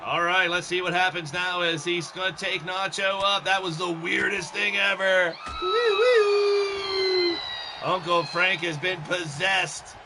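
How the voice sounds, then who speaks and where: A man doing joking, excitable solo play-by-play for a wrestling game show he hosts. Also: normal speed, hardly any pauses, noisy background. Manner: excitable, joking, shouts and jumps in pitch at big moments. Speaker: wrestling commentator and show host.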